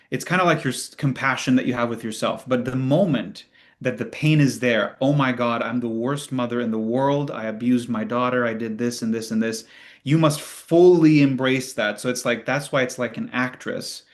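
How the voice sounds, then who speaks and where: A man hosting a spiritual Q&A, teaching in an earnest, conversational way and acting out inner thoughts. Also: mid-range voice. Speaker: host of spiritual Q&A.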